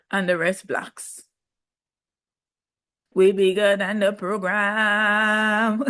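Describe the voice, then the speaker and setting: A woman's voice: mid-range voice, a bit bright. A woman giving a chatty, gossipy recap of a reality show in casual talk, often laughing. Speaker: reality TV reviewer.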